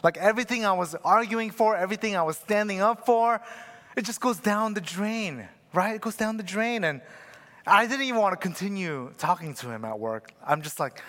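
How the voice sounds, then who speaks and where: A young man with a notably high voice delivers a chatty sermon, leaning on "right?" to pull his listeners along. His voice rings out with a long reverb, as if he stands in a big church hall. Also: animated, normal speed, fairly bright tone. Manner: conversational, keeps asking "right?". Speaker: preacher. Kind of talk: sermon with personal story.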